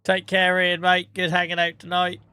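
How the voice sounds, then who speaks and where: A man's voice: high voice, completely flat delivery, normal speed, sharp tone, smooth, dry recording. A tired man chatting casually to viewers on a live stream, rambling, swearing freely and laughing at himself. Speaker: game streamer.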